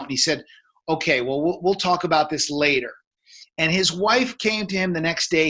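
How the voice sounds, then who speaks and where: A man's voice: on the high side, pushed and bright. A man in his fifties, a men's coach, telling a story in casual conversation, rambling with many fillers and restarts.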